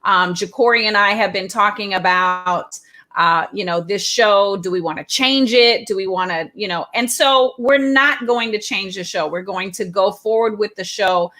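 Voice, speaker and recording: A woman's voice: mid-range voice, normal speed, bright, forceful tone. A woman co-hosting a live online talk show, talking in a chatty, loose way with lots of ums. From California. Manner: chatty, with many ums and uhs. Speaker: co-host.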